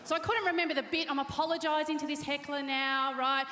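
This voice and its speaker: A woman's voice: sits high, steady tone, fast talker, pushed and bright. A woman doing a self-deprecating stand-up comedy set on a theatre stage, often acting out the voices of other people. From Australia. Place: large theatre stage before a live audience. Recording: echoey theatre with long reverb and crowd.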